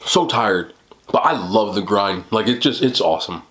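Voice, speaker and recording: A man's voice: fairly low pitch, animated, a little slow, a bit bright. A tired man from New York rambling casually to his camera at home late at night, chatty and self-deprecating, laughing often. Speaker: mukbang vlogger.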